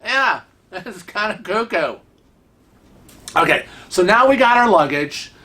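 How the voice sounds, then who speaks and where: Male vlog host, animated storyteller, slightly raised pitch, tense bright tone. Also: a little slow. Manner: chatty, animated, acts out quoted dialogue. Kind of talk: casual storytelling.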